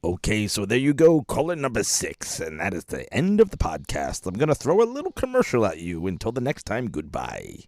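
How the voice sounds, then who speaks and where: A man's voice: on the low side, wildly swooping pitch, fairly quick, few pauses, a little mellow, dry recording, studio quality. A man hosting a podcast, introducing callers in a laid-back, wry way. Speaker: podcast host. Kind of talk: casual hosting between calls.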